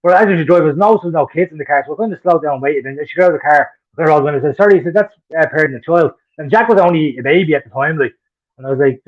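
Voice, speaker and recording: A man's voice: a little high, racing, dull audio. A man, co-hosting a podcast in casual chat, sweary and telling his own similar story. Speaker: podcast co-host.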